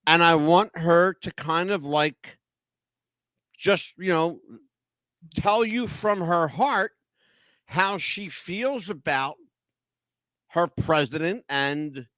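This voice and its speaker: A man hosting a casual podcast, rambling and restarting his sentences as he sets things up. His voice swings lively up and down and sits a little high. The sound is dry and close-miked. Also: no echo. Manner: rambling, animated, halting restarts. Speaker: podcast host.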